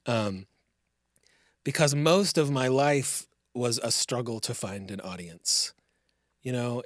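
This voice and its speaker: A man hosting a casual podcast, talking in a relaxed, rambling and reflective way. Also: mid-range voice, dry recording, clean studio sound. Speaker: podcast host and comedian.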